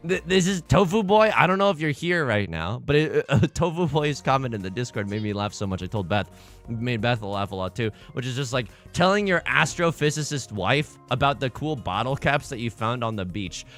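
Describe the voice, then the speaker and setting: This is casual livestream chat and commentary: a young man playing online mahjong, his mid-range voice at normal speed over faint music. Excitable and self-mocking, he laughs often, bursting out loudly one moment and mumbling asides the next.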